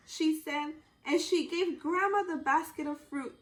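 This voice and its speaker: A woman student teacher reading a picture book aloud to young children, telling it slowly and expressively. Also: very high voice. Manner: slow, expressive storytelling.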